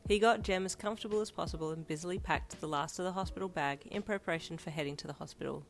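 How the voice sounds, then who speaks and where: A woman reading fanfiction aloud in a steady storybook narration. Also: lowish voice, fast, creaky. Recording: soft lofi piano behind.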